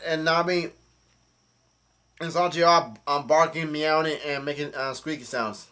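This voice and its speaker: A man casually recapping a comic chapter, reading quoted lines aloud in a halting, hesitant way. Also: fairly high pitch, pushed and bright. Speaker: manga chapter reviewer.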